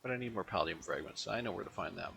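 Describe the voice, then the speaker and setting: A man's voice: low voice, lively intonation, fast, vocal fry, sharp tone, slightly rough. A man giving casual let's play commentary, talking at the game creatures, swearing and laughing often. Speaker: gaming channel host.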